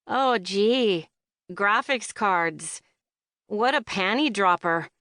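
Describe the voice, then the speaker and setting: A woman's voice: medium pitch, lively intonation, takes it slowly, fairly bright tone, no room sound, clean studio sound. A woman voicing a brash, foul-mouthed young woman who teases her friend with sarcasm, in an audiobook. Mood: mocking. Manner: sarcastic, teasing, crude.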